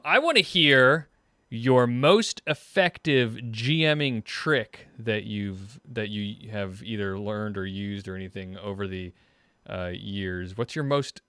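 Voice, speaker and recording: A male host leads a casual panel chat and rambles through his questions with frequent restarts. His voice is mid-pitched, and the recording is dry and close, with no room sound. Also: expressive, unhurried, a bit bright, no echo. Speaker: show host.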